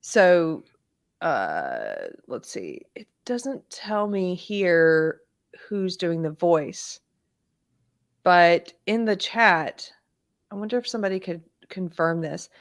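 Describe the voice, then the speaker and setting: A woman's voice: fairly low pitch, big pitch swings, takes it slowly. A woman co-hosting a live stream, chatting casually and reading comments aloud. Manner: reads chat and notes aloud, chatty. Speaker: co-host.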